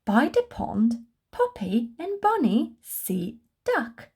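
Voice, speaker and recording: A woman reading a children's picture book aloud in an animated, sing-song way. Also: a little high, slow, breathy edge. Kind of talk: children's storybook read-aloud.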